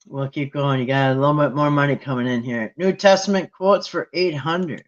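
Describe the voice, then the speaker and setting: Guy thinking out loud over a trivia game, kinda high voice, muffled lo-fi audio. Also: normal speed. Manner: chatty, muses aloud, many restarts and excited jumps. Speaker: host playing a Bible trivia game with viewers. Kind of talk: casual chat while thinking aloud. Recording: dull lo-fi sound.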